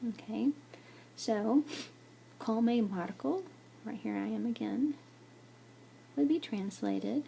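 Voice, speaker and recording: A woman's voice: a little high, creaky, warm tone, slight background noise. A woman teaching a Spanish lesson to students at a board, patient and repetitive, checking in with frequent "okay"s. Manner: patient, repeats "okay" and examples, many fillers.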